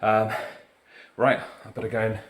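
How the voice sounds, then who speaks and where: A man's voice: fairly low pitch, level tone, measured pace, background noise. Man, primary teacher; encouraging, chatty delivery, slightly breathless from walking around a school, recorded on a phone. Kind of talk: recorded remote lesson instructions. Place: indoors in a school, walking between rooms.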